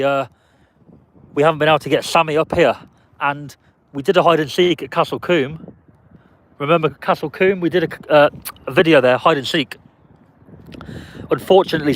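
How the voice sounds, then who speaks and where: Parked in his car, a man live-streams in a casual, chatty way, answering viewers' comments by name and playfully guessing the names of people walking by. His voice is fairly high and fairly bright.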